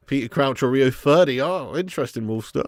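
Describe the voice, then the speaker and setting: A man's voice: mid-range voice, a little mellow, no echo, studio quality. A man hosting a live football watch-along stream, joking with chat in slangy banter and laughing often.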